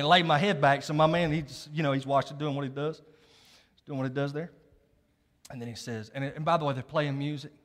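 A man's voice: fairly high pitch, fairly bright tone. A man preaching a sermon as a story, folksy, laughing at himself and checking in with the audience. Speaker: pastor. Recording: long reverb of a large hall.

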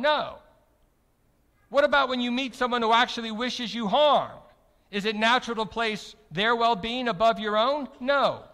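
Male preacher, high voice, emphatic sermon delivery, long hall reverb. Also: moderate pace, clean tone. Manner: emphatic, rhetorical questions, swings from loud to soft.

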